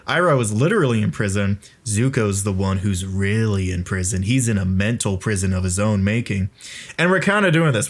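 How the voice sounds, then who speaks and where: A young man giving excited, rambling commentary on his own video, swearing freely and laughing often. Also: mid-range voice.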